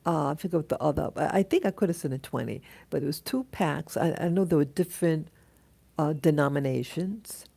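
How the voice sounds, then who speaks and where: Low slow woman vlogger, gravelly and husky, warm dark tone, lots of um and restarts. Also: animated. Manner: halting, many restarts and fillers. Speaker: vlogger recounting a dream. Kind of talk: casual rambling monologue. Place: live stream, greeting viewers.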